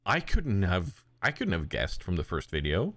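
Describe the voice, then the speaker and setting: A man co-hosting a podcast in casual, rambling chat, animated and given to quick put-on voices when quoting. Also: dry recording. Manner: rambling and animated, slips into high cute voices for quotes. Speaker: podcast co-host.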